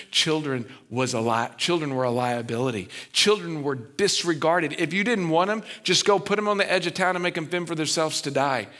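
Earnest man preaching with a bright voice. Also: medium pitch. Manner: conversational, earnest, plainspoken. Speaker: pastor. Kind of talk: sermon.

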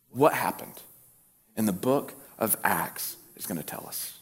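A man preaching a sermon as pastor, telling a story and swinging between animated and hushed delivery. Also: on the low side, slow, long pauses, slightly rough.

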